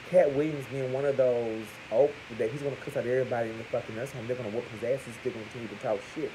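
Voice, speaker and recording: A man giving crude, profane gossip commentary to his viewers, talking to them as "y'all" and punctuating points with loud exclamations. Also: medium pitch, slight background noise, poor audio. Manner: animated, crude, keeps calling out "Hello!". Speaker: vlogger.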